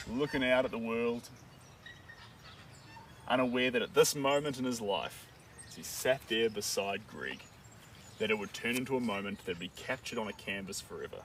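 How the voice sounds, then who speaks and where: Rambling painter, distant and outdoors. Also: male voice, medium pitch. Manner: rambling, joking, thinks aloud. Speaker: painter live-streaming a dog portrait. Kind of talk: casual live-stream chat while painting. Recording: distant mic with outdoor noise.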